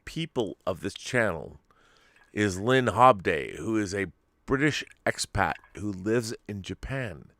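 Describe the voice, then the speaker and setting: Give me a flustered male host who stammers and restarts, with a lively, swinging voice. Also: lowish voice, takes it slowly, no room sound. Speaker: podcast host. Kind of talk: casual live-stream banter.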